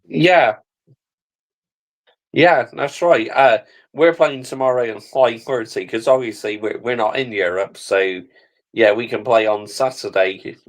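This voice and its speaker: Man, easygoing, agreeable, casual football chat, mid-pitched. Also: unhurried, poor audio.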